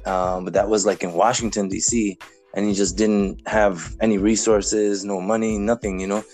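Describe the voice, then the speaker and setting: Low-voiced chatty man with faint music. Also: little pitch movement, normal speed, a little mellow. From United States, Cuban American. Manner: rambling, many "you know" fillers and restarts, frequent chuckles. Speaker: podcast guest, language learner. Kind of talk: casual conversational storytelling.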